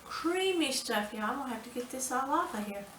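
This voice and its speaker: A woman with a drawl walks viewers through a home baking lesson, chatty and in no hurry. Her fairly high voice rings off the bare walls of a home kitchen. The mic sits a few steps away, with faint clatter of dishes behind her. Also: sharp tone, distant mic, a little hiss or hum. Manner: chatty, unhurried, says "y'all". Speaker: home cooking show host. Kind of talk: casual cooking tutorial. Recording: echoey kitchen, mic set back.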